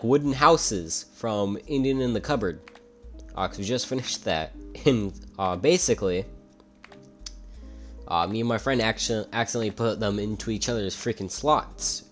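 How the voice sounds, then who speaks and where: A young man telling a story in casual commentary, rambling, with frequent uhs and restarts. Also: on the low side. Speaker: YouTube commentator.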